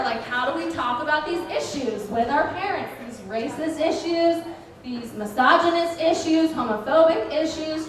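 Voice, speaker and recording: High-voiced sardonic woman comedian. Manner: sardonic, dry irony. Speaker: stand-up comedian. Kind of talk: stand-up comedy set. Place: bar event venue. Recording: echoey room, mic picked up from far off.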